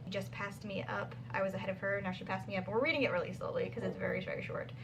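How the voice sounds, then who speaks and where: A woman's voice: medium pitch, steady tone, fast, recorded from a distance, highs cut off, very noisy. A young woman chatting casually in a book vlog, bubbly and full of "like" fillers. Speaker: book vlogger.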